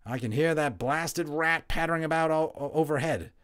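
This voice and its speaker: A man's voice: fairly high pitch, normal speed, fairly bright tone, voice pushed up, close to an everyday voice. A man doing a grumbling, irritated father. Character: grumbling father annoyed by a rat.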